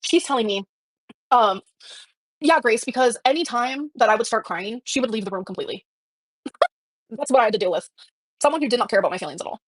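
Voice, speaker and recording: A woman's voice: a little high, animated, brisk, pauses often, dry recording. A woman livestreaming, telling a personal story in a rambling, emotional way with many fillers. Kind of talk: casual livestream chat.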